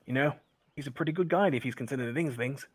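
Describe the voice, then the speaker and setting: A man voicing a hurried, guarded elf woman in a tabletop game, clipped and quick. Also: rumbling low, breathy edge, pitched above the performer's own voice.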